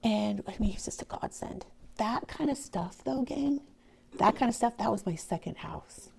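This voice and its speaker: Gravelly-voiced woman telling a story. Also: medium pitch. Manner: animated, emotional, swings from loud to near-whisper. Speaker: speaker telling her real estate story. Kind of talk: storytelling talk to a live audience.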